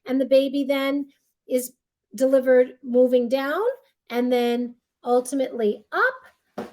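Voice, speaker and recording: A middle-aged woman with a high voice walks expectant parents through the stages of labor. She talks in a relaxed, conversational way and keeps checking in with her listeners. When she plays the staff in the room, she acts out what they say. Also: slow. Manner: chatty, reassuring, keeps checking in with "right?"; acts out what midwives and nurses say. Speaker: childbirth educator. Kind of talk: casual instructional talk with a demonstration.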